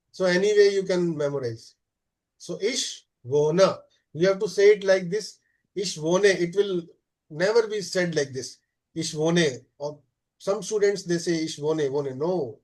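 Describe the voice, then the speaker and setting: A man teaches a live beginner class. His voice sits fairly high, and he pauses on "uh" a lot. He checks in with his students by saying "okay?" again and again. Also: a little mellow. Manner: explains slowly, checks with frequent "okay?"; many "uh" fillers. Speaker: German teacher.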